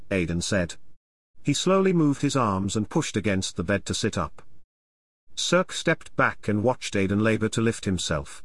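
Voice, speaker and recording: A man narrating an audiobook in a measured, expressive reading. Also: medium pitch, no echo. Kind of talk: scripted narration.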